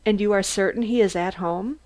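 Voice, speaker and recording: A woman voicing a brisk, impatient male police commissioner who questions sharply. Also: mid-range voice, darkish tone, lightly acted. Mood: demanding. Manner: curt, demanding.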